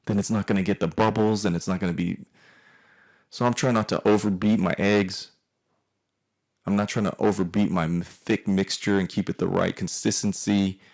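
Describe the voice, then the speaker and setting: A man's voice: low-pitched, fairly even intonation, normal speed, darkish tone. A man in his forties telling a profane, rambling comic story about his family, with frequent restarts. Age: 40s. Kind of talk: comedic personal storytelling.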